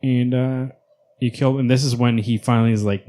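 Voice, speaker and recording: A man's voice: mid-range voice, fairly even intonation, normal speed, dark tone. A man co-hosting a comic book podcast, casually recapping panels with laughs and asides. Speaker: podcast co-host.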